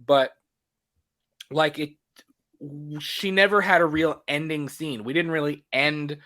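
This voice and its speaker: A man's voice: a little high, fairly even intonation, unhurried, bright, forceful tone, no echo. A man co-hosting a casual movie podcast, rambling with plenty of fillers and restarts. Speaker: podcast co-host.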